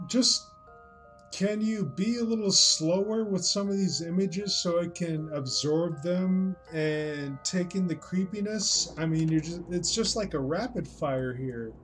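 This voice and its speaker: A man's voice: high-pitched, unhurried, fairly bright tone, faint music behind. A man streaming himself as he watches a scare video, commenting in a dry, unimpressed, mocking way. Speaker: livestreamer reacting to a video. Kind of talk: casual reaction commentary.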